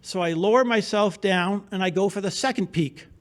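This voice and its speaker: A man with a noticeably high speaking voice tells a true adventure story in front of a theater audience. His delivery is wry and humorous, narrating in a vivid present tense that pulls listeners into the moment. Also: moderate pace. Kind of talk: live personal storytelling on stage. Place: theater stage before an audience.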